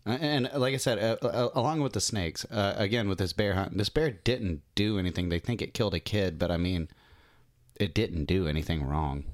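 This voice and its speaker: Deep-voiced podcast co-host, very low pitch, sarcastic and joking during a casual movie chat. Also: moderate pace.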